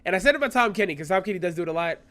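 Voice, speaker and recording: Lively, joking woman podcast co-host. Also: fairly low pitch, rapid-fire. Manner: animated, joking, swears freely. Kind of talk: casual chat. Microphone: podcast microphone.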